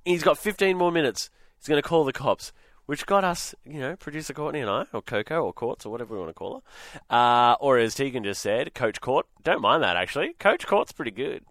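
A man with an Australian accent hosting a radio show in a chatty, animated way. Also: medium pitch, a little fast, no echo, studio quality. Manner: chatty, animated, acts out quotes. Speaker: radio host. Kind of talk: casual radio chat. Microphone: studio microphone.

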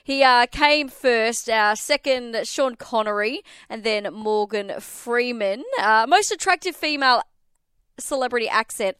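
A woman's voice: a little high, lively intonation, a little slow, a bit bright, smooth, no echo, studio quality. An Australian woman hosting a radio show, chatting playfully with lots of filler words. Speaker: radio host. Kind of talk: casual radio chat.

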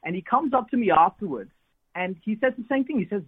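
A man in his thirties, a pastor telling a personal story as a radio guest over the phone, lively with repeated emphasis. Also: high voice, fast. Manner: lively, repetitive emphasis, builds to exhortation. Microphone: phone call. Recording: tinny phone line, husky.

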